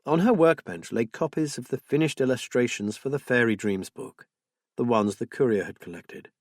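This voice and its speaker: Husky male audiobook narrator. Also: mid-range voice, moderate pace, a little mellow, no room sound, clean studio sound. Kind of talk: scripted narration.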